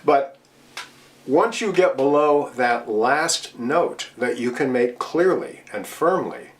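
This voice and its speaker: Slow-talking middle-aged male voice coach. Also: mid-range voice, lively intonation, a little hiss or hum. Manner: patient, explanatory, demonstrates with his voice. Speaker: voice coach speaking to DJs. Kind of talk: instructional talk at a virtual convention.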